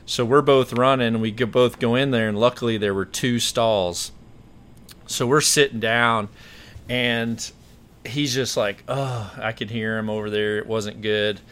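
A man's voice: mid-range voice, fairly even intonation, measured pace, a bit bright, smooth. A man hosting a podcast, telling a story in a rambling, self-correcting way. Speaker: podcast host. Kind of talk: casual storytelling chat.

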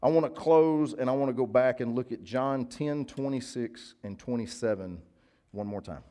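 A man's voice: medium pitch, normal speed, warm tone. A male preacher, giving a sermon in a casual, folksy way and often asking his listeners to agree. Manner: conversational, folksy, asks the crowd to agree.

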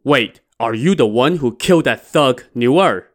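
A man's voice: mid-range voice, animated, normal speed, lightly acted. A man voicing a hot-tempered, brawling warrior monk who roars his lines. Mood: hearty. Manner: roaring, blunt.

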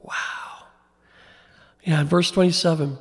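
A man's voice: fairly high pitch, fairly even intonation, a little slow, husky. A man preaching a verse-by-verse sermon, conversational at first and growing emphatic, in a church sanctuary. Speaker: pastor. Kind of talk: expository sermon. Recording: long hall reverb.

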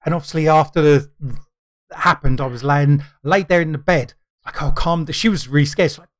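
A middle-aged man co-hosting a podcast in casual chat. His voice sits a little high, and he rambles with many fillers and restarts. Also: steady tone, brisk. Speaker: podcast co-host.

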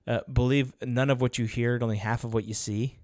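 A man's voice: medium pitch, steady tone, a little fast, a little mellow, dry recording, clean studio sound. A man co-hosting a podcast in casual chat, peppering his talk with "like". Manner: chatty, heavy use of "like". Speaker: podcast co-host.

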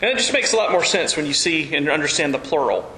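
A man preaching an earnest, animated sermon as pastor. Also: a little high, quick pace, reverberant, slight background noise, low-quality recording.

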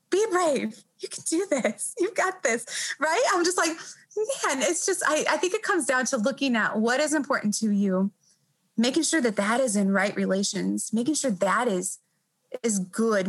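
A woman doctor in her thirties speaks in a fairly high voice, earnest and reflective. She talks haltingly, restarting and repeating words as she works out what she means. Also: a bit bright, low-quality recording. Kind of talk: reflective interview answer.

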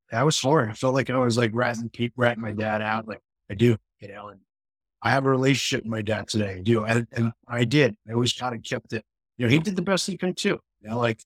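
A man's voice: medium pitch, husky, no echo, rough recording. A middle-aged man from New York, a podcast guest, telling a personal story in a casual, rambling way with lots of restarts. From New York, USA. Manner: conversational, frequent restarts and "you know" fillers.

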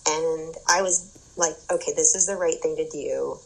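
A young woman with a husky, slightly low voice tells a story in relaxed chat. She talks animatedly, full of "like" and "um", and she swears freely. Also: normal speed, poor audio. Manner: animated storytelling, frequent fillers, swearing, laughing. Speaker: guest telling a story. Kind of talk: casual chat.

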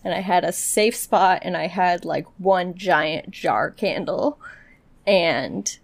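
A woman's voice: on the low side, takes it slowly, gravelly. A young married woman co-hosting a podcast in casual chat, rambling and chatty. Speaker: podcast co-host.

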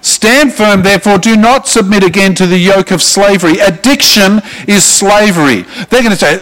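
A middle-aged Australian man delivers a sermon in a fairly high voice. He preaches with emphasis and often puts questions to his congregation. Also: normal speed, few pauses, a bit bright, rough recording. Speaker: pastor.

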